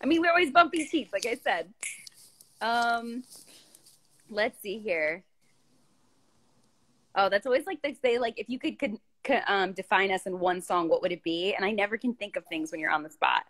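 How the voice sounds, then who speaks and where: A woman's voice: mid-range voice, animated, normal speed, long pauses, a bit bright. A woman chatting casually on a live stream, reading out viewer questions with plenty of fillers. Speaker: actress co-hosting a live stream. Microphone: phone on a live video stream.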